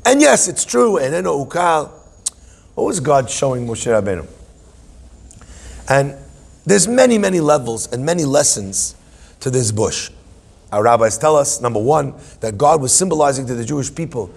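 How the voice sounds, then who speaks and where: A man's voice: mid-range voice, sing-song, moderate pace, gravelly, pauses often, husky. A man teaching a humorous Torah class in a playful, musing way, full of self-deprecating asides.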